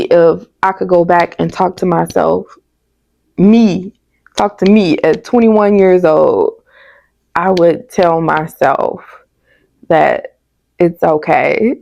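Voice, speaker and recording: Gravelly low-voiced woman reviewer. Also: lively intonation, takes it slowly, long pauses, darkish tone, dull audio. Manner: candid, chatty, goes off on tangents. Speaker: TV show reviewer. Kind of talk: casual commentary.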